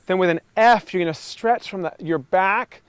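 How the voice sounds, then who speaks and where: A man coaching a group outdoors through a vocal warm-up. He is encouraging and energetic, and he calls out sounds loudly. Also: high-pitched, moderate pace, slight background noise. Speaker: voice and communication coach. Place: outdoors near trees and a lake.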